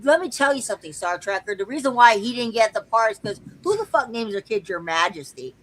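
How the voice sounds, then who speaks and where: A woman's voice: on the high side, big pitch swings, brisk, poor audio. A woman hosting a casual livestream, joking and teasing her co-host in a playful way. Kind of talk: casual chat.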